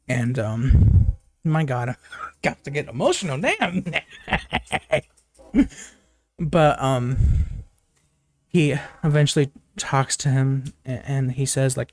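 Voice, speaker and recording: A man's voice: animated, slow, long pauses, a little mellow, no echo. A young man casually recapping a film as a reviewer, rambling with many fillers and restarts, laughing and swearing now and then. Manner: rambling, many fillers and restarts, jumps high when quoting characters. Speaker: movie reviewer. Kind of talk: casual spoken movie recap.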